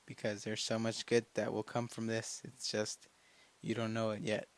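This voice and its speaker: A man's voice: on the low side, monotone, normal speed. Fired-up teenage guy's pep-talk podcast. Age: late teens. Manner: fired-up self-talk, heavy swearing, repeats phrases. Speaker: podcast host. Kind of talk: casual solo motivational podcast monologue.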